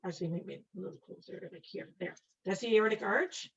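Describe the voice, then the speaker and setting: Here the nursing instructor's medium-pitched voice is husky with vocal fry, and she talks fairly quickly. During her online lecture she draws, mocks her own artwork playfully, and quizzes students by name, all captured in distant, dull lo-fi sound.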